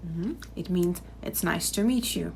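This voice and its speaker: A woman's voice: fairly low pitch, unhurried, gravelly, darkish tone, slight background noise. A young woman with a Czech accent, teaching pronunciation and repeating words carefully for learners. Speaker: language teacher. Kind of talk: pronunciation lesson.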